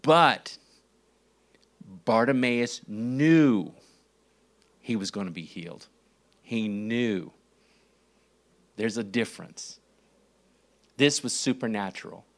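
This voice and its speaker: A male preacher teaching from the Bible at a slow, unhurried pace. His delivery is deliberate, dropping low and quiet, then rising sharply for emphasis. Rhetorical questions break up the verse readings. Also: expressive. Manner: slow and deliberate, with dramatic swings in pitch and volume; reads scripture verses aloud and asks rhetorical questions. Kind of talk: sermon teaching.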